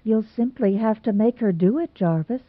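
A woman reading aloud does a level-headed young teacher, brisk and cool, speaking with plain common sense. The voice sits in a narrow, phone-like band and sounds dry. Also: mid-range voice, no room sound, pitched above the performer's own voice, lightly acted.

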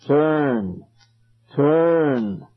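A man's voice: high voice, huge pitch swings, slow pace, husky, narrow, tinny audio, voice pushed up, heavily acted. A man doing eerie chanting ghost children. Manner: chanting, murmuring.

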